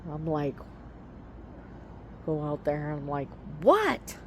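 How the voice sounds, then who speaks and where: A woman vlogger in middle age tells a story outdoors, slowly and hesitantly. Her voice sits a little low, and she fills her pauses with ums and likes. Faint outdoor noise runs under her voice. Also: completely flat delivery, mellow. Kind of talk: casual storytelling to camera.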